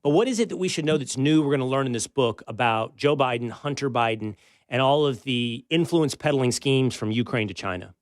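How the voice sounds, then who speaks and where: American man, host, rapid talker, dry recording, rambling questions. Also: mid-range voice, no echo. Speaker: show host. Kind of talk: casual interview chat.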